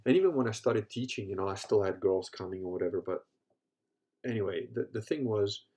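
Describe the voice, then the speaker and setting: A podcast host with a lowish, slightly mellow voice talks fairly quickly, telling casual, rambling stories. He laughs and swears a lot, acting out other people's lines along the way.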